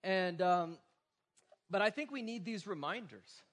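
Forties male pastor, higher-pitched voice, relaxed conversational sermon delivery with light humor. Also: measured pace. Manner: casual, joking, conversational preaching.

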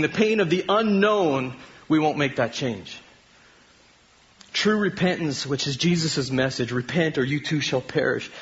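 A man's voice: medium pitch, a bit bright, muffled recording. A middle-aged Canadian man preaching a sermon to his congregation in a conversational way, often asking them questions. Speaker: pastor.

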